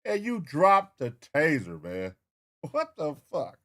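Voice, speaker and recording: A man hosting a reaction show, loudly commenting in disbelief and swearing at a clip. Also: on the high side, wildly swooping pitch, slow pace, background noise. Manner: loud, incredulous, swearing commentary. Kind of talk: reacting to police footage.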